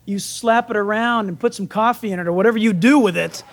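A male pastor preaching with a strikingly high voice. He is animated and lively, slipping into the voices of the people in his stories as he teaches. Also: fast talker. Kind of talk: sermon.

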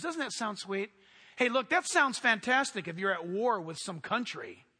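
A man preaching from the pulpit in an unusually high, bright voice. He swings from excited peaks down to hushed, near-whispered asides. The sound carries a long church-hall echo. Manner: animated preaching, sudden drops to near-quiet asides. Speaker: pastor. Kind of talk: sermon.

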